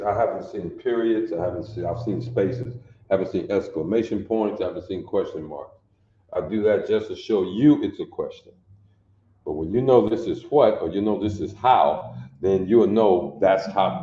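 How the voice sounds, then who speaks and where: A man with a lowish voice leads a classroom language lesson at an unhurried, deliberate pace. He keeps repeating phrases and checking that his listeners follow. The recording is roomy and echoey with a dull, lo-fi sound. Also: warm tone. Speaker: language instructor.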